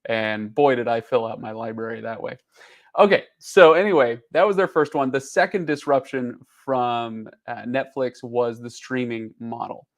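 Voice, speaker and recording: A man's voice: medium pitch, moderate pace. Male host in his thirties, casual rambling delivery, full of fillers. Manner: rambling with many fillers and restarts. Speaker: channel host. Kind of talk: casual chat. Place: on the road.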